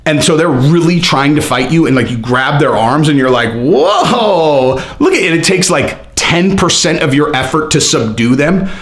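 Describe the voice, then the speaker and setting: A man's voice: fairly high pitch, normal speed, hardly any pauses. A man hosting his own channel, reading out comments and mocking them in casual, rambling talk full of fillers. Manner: animated, sarcastic, rambling with many fillers. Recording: roomy echo.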